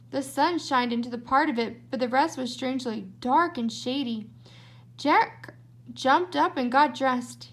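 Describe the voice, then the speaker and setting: A woman reading a children's storybook aloud, giving the narration an expressive lilt. Her voice is high and light. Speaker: storybook reader.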